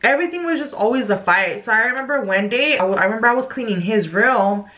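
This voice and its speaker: A young woman talks straight to her viewers with a bright, forceful edge in her voice. Her speech sits a little high, and she tells the story loosely, swearing and saying "like" a lot. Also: fast talker, dull audio. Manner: animated, profane, full of "like". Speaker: vlogger. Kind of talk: casual storytime.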